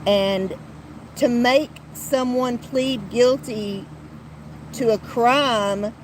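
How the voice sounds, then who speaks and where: Woman, podcast host, slow deliberate delivery, blunt and heated, faint traffic noise behind. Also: a little high, low-quality recording. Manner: blunt and heated, with frequent restarts and profanity. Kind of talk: casual commentary podcast.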